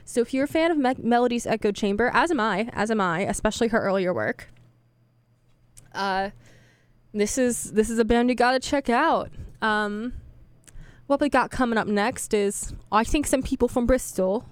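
A woman's voice: on the high side, animated, moderate pace, long pauses, smooth, no room sound. A young woman hosting a radio show, chatting casually between songs in a rambling, self-deprecating way, full of fillers and restarts. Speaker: radio host.

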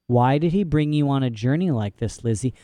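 Man doing a smooth, condescending doctor. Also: medium pitch, lively intonation, brisk, dark tone, no echo, close to an everyday voice. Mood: soothing. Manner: soothing, condescending. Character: smooth male doctor, soothing and manipulative.

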